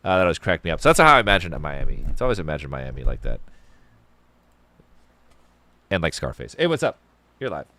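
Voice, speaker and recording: Deep-voiced, fast male host, profane rambling storyteller, dry close sound. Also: big pitch swings, sharp tone, dry recording. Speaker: podcast host taking calls. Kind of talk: casual livestream call-in chat.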